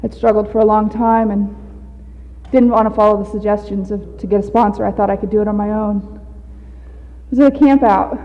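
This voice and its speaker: Woman sharing her story at a meeting, mellow voice, kinda muffled lo-fi sound. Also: medium pitch, fairly even intonation. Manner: candid, halting, laughs often. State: out of breath. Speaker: speaker at a recovery meeting. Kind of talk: personal testimony. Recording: dull echoey hall recording.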